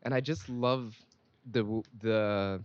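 A man's voice: fairly low pitch, steady tone, slow, no room sound. Laid-back rambling man, dry muffled sound. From Singapore. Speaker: podcast host. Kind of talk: casual podcast chat. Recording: dry, dull lo-fi audio.

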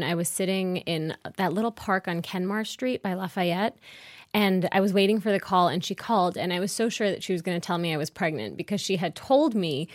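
A woman's voice: fairly low pitch, no echo, studio quality. A woman in her twenties telling a personal story in an open, chatty way, often saying "like.". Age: 20s. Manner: open, chatty, uses filler "like". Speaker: podcast host as guest.

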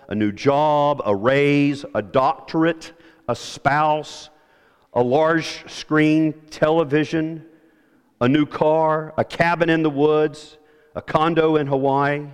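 A man preaches in a loose, conversational way, leaning hard on repeated phrases to drive his points home. His voice sits at an ordinary male pitch and rings out with a long reverb tail from the church around him. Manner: animated, conversational preaching with emphatic repetition. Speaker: pastor. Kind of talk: sermon.

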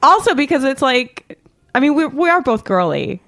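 A woman's voice: high voice, sing-song, normal speed, a bit bright. A woman hosting a podcast with playful, teasing chatter. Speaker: podcast host. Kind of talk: casual podcast chat.

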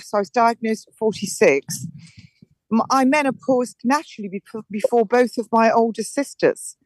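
A woman's voice: a little high, dry recording, poor audio. Emphatic woman, dry close sound. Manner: emphatic, animated storytelling with frequent restarts. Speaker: guest. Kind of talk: casual interview chat.

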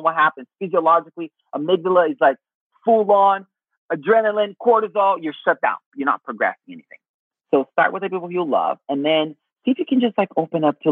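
A man giving casual spiritual advice in an expressive way, swearing freely and calling people honey. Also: on the high side, husky, dry recording. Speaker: spiritual teacher guest. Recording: tinny phone-like line, dry.

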